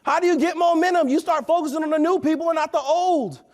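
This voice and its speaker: A man in his thirties giving an energetic, preachy motivational talk at a company event, often asking "right?". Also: extremely high pitch, fast.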